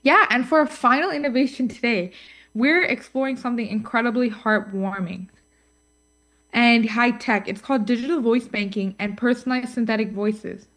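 A woman's voice: on the high side, normal speed, fairly bright tone. A woman co-hosting a scripted podcast chat, reading with fillers and small stumbles and making playful asides. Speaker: co-host.

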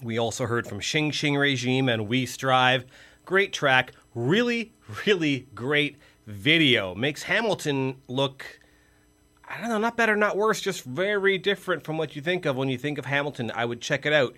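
A man's voice: mid-range voice, animated, a little slow, sharp tone. A man hosting a campus radio show, chatting casually between tracks with rambling asides. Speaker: radio host. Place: radio studio.

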